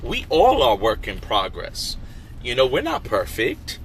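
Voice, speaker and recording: A man who owns a restaurant, talking casually and warmly to his followers, encouraging them with lots of fillers. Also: mid-range voice, huge pitch swings, a little slow, slight background noise. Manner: heartfelt, encouraging, many fillers. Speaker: restaurant owner. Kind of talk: casual motivational vlog. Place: in a car, then a wholesale store.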